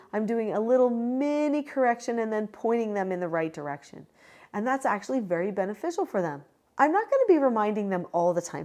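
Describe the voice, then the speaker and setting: Calm, measured woman giving parenting advice. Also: medium pitch. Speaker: parenting educator and channel host. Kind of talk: direct-to-camera advice talk.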